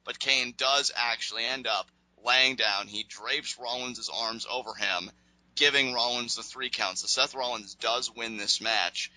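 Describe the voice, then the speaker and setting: Bright-voiced man recapping, rambling chat. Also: medium pitch, measured pace, rough recording. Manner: rambling, many fillers, acts out quotes. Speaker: podcast host recapping wrestling.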